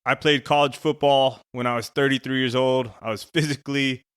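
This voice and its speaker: Speaking at a brisk, steady clip in a mid-range voice, a middle-aged man who went from Navy SEAL to coach recounts his own story on a podcast. His tone is a bit bright, clear and resonant, and his casual talk is full of "you know" and "right" over a dry, studio-quality recording.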